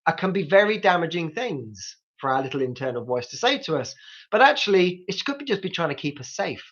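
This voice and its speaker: A man's voice: fairly high pitch, very animated, a little fast, fairly bright tone, highs cut off. A man hosting a live grief support talk, coaching listeners directly with practical tips. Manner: coaching, speaks straight to listeners.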